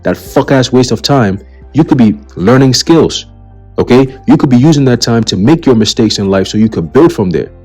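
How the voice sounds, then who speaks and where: A man's voice: fairly low pitch, a little mellow. A man hosting a commentary rant. He is blunt and profane and turns preachy as he warns of coming doom, tagging his points with "okay?". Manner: blunt, profane and heated, repeats "okay?" as a tag. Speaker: commentary channel host. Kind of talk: ranting commentary on a list of news items.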